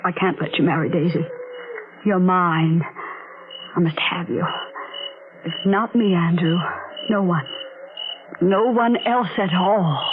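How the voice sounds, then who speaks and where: A woman's voice: on the low side, slow pace, pauses often, noisy background. An actress voicing a jealous, possessive young woman who turns murderous, in 1940s radio drama acting over tinny old radio audio. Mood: pleading obsessive. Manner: intense, menacing, pleading.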